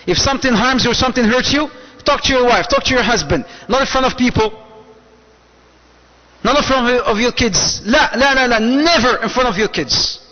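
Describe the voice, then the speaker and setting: High-voiced preacher in an echoey hall. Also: male voice, a little fast. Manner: lively, mixes Arabic phrases into English. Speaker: Islamic preacher. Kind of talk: lecture to a live audience. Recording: dull, echoey hall sound.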